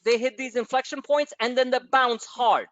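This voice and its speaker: Very high-pitched and speaking at a normal speed, a man runs a live stock-trading webinar. He's animated and casual, dropping profanity and rambling through personal stories, and the audio sounds dull with no echo.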